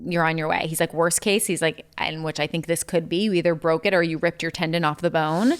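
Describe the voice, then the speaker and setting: Chatty young woman, smooth low voice. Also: steady tone, fairly quick. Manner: chatty, lots of "like" and "um", acts out quotes. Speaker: guest. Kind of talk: casual storytelling interview.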